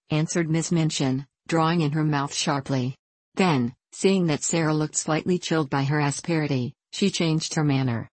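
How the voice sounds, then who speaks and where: A measured storybook reader, dry sound. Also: mid-range voice, no echo. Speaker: audiobook reader. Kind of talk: scripted storybook narration.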